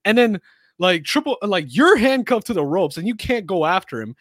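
A man's voice: high-pitched, big pitch swings, moderate pace, a bit bright, no room sound, studio quality. A man hosting a casual podcast, talking in a loose, rambling, profane way with lots of fillers. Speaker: podcast host. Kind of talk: casual sports and wrestling chat.

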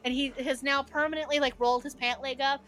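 A woman's voice: high voice, fairly even intonation, fast, fairly bright tone. A woman narrating as game master, chatty and loose, full of "like" and "uh".

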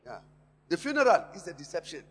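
A husky-voiced male preacher with a high, lively pitch that climbs and dips all over. He delivers an impassioned sermon, repeating phrases for emphasis and swinging from hushed to loud. His voice rings with long reverb in a church hall. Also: fast. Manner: impassioned preaching with sharp rises and drops in loudness. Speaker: pastor.

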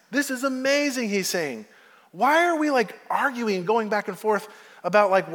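Brief: male pastor, fairly high voice, casual and animated, long hall reverb. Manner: conversational, animated storytelling preaching. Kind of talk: sermon.

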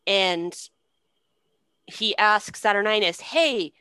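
A young woman recapping a story casually, animated and swearing, laughing often. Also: mid-range voice, slow pace, clean tone, dry recording.

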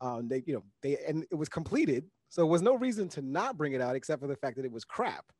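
A man with a slightly higher voice in a relaxed podcast chat, wry and rambling as he circles back over his words. The sound is dry and close. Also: quick pace, dry recording. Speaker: podcast co-host. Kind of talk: casual chat.

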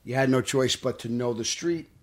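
A man's voice: medium pitch, moderate pace. Brooklyn guy, middle-aged, tough-talking, tells it straight in a studio chat. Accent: Brooklyn New York. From Brooklyn, New York. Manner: animated storytelling, tough-talking. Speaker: actor guest. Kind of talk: casual interview. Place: podcast studio.

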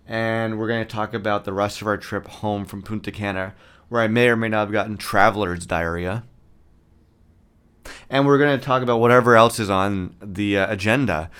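A man in his early thirties hosting a casual solo podcast, ranting with profanity and sarcasm in a fairly monotone delivery. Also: lowish voice, smooth. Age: 30s. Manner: self-described monotone delivery. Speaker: podcast host.

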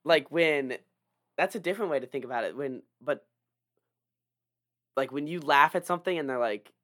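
Co-hosting a podcast, a young man with a voice on the high side talks at normal speed. He chats casually and animatedly, acting out how people reacted.

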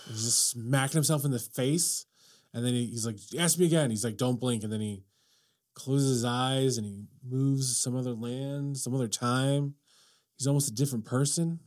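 A man's voice: mid-range voice, fairly even intonation, moderate pace, darkish tone. A man co-hosting a casual podcast chat, making dry, wry remarks. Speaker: podcast co-host.

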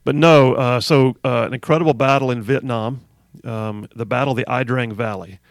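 A man's voice: medium pitch, fairly even intonation, normal speed, dry recording. A male radio talk show host in a studio, delivering an emphatic monologue and repeating phrases for emphasis. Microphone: studio microphone.

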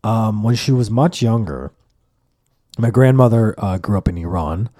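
Animated, cursing man telling a story. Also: fairly low pitch, moderate pace, no room sound, studio quality. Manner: profane, rambling, animated storytelling with acted-out quotes. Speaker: podcast host. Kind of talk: casual comedic storytelling.

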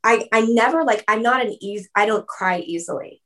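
A woman in an interview, telling a personal story in a chatty way, full of "like" and quick laughs. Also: a little high, a bit bright. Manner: chatty, fillers of "like", laughs often. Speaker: guest.

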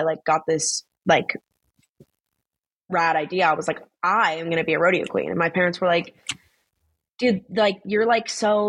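A young woman in a casual podcast chat, talking in a blunt, animated way with a husky edge to her voice. She swears freely and fills her talk with "like," and the recording is dry and close. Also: on the low side, no room sound. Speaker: guest, social media influencer.

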